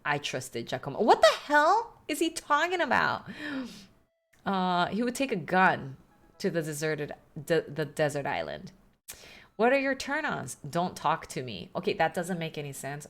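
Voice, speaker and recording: Woman streamer, lowish lively voice, casual game commentary. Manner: chatty, reads game text aloud with wry asides.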